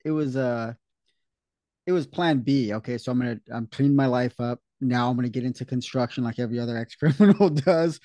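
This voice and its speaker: A man's voice: mid-range voice, a little fast, mellow, dry recording. A man hosting a podcast, an electrician speaking in a candid, reflective, laid-back way. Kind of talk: casual podcast interview.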